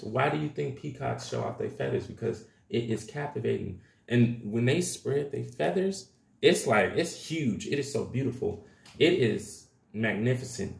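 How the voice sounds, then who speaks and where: A man with a lowish, gravelly, slightly mellow voice does a casual tarot reading to camera in an echoey room. He talks loosely and chattily with lots of slang, calling his viewers y'all.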